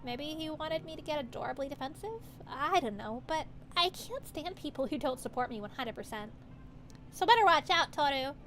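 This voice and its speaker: Excitable young maid cafe girl, voiced by a woman: high, bright, cute, quick to get defensive. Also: faint music behind. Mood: mock threatening.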